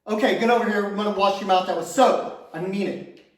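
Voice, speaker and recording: A middle-aged man works through a stand-up set in a chatty, self-mocking way, laughing at his own jokes. His voice sits high. The recording is very echoey and picked up from well away from him. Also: fairly quick. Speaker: stand-up comedian. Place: large room on stage. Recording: echoey room from far off.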